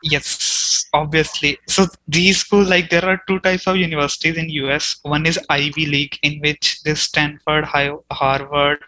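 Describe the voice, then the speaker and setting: A man's voice: fairly high pitch, level tone, normal speed, hardly any pauses, pushed and bright, rough recording. A man explaining university admissions in a matter-of-fact way. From India. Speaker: mentor.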